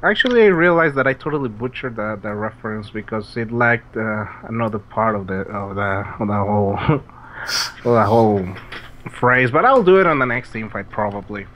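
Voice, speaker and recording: A man co-casting a match in casual chat, halting and trailing off, stumbling over his words. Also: on the low side, expressive, highs cut off, slight background noise. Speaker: esports co-caster. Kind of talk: casual chat between game commentary.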